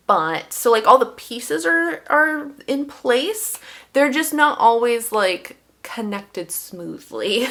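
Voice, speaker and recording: A woman's voice: on the high side, pushed and bright. Woman vlogger, casual home chat about her writing, rambling and chatty, talks with fillers. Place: at home, indoors. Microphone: headphones on, desk setup.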